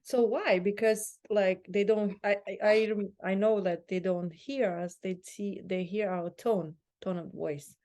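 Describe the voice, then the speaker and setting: A woman guest, telling animated stories in a casual chat and laughing often. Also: mid-range voice. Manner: animated storyteller, laughs, quick asides.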